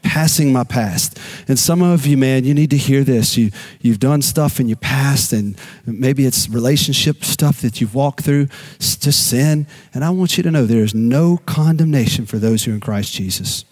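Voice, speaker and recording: A male pastor preaching an animated sermon, with a habit of repeating key phrases. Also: medium pitch, normal speed.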